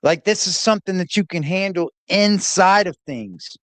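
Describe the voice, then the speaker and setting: A man's voice: sits high, moderate pace, a bit bright, no echo. A man hosting a livestream, casually commenting and greeting his chat. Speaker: livestream host.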